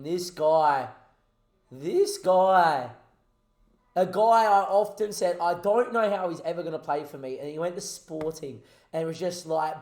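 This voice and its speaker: Man, young, gaming commentary, high voice, roomy echo. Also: unhurried. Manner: excitable, commentator-style calls, swinging between shouts and quiet, choked-up asides. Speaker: gaming streamer. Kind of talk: live play-by-play commentary over a football video game.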